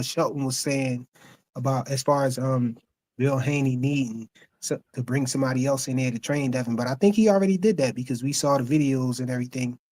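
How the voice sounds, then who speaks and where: Dark, dry-voiced male caller. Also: mid-range voice, no echo. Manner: hesitant, many fillers. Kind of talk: casual call-in commentary.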